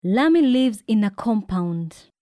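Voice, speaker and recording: A woman from Kenya reading a children's picture book aloud, with lively shouted voices for the characters. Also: mid-range voice, slow, no echo, clean studio sound. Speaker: storybook reader. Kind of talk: expressive read-aloud storytelling.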